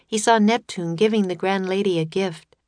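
A woman reading a children's adventure story aloud in a steady, scripted narration. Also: medium pitch, moderate pace, dry recording. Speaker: audiobook narrator.

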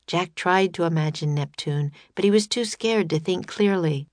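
A woman reading a children's adventure story aloud in a steady, scripted narration. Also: fairly low pitch, moderate pace, dry recording. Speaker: audiobook narrator.

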